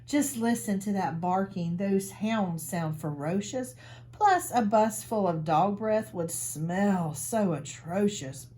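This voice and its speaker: A woman's voice: medium pitch, slow, dark tone, lightly acted. A woman voicing a fussy, dramatic mother cat in a picture book, speaking emphatically. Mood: emphatic. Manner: emphatic, theatrical.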